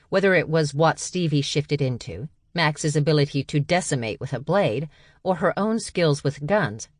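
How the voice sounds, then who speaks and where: A woman narrating an audiobook in a measured, even storytelling manner. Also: low voice, no echo. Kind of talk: scripted narration. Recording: dry close studio sound.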